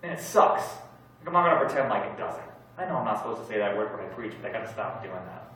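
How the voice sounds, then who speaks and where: A man preaching a sermon as pastor, candid and self-deprecating with jokes, swinging between loud emphasis and quiet asides. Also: lowish voice, very animated, fast talker. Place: large church sanctuary. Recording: echoey church hall from far off.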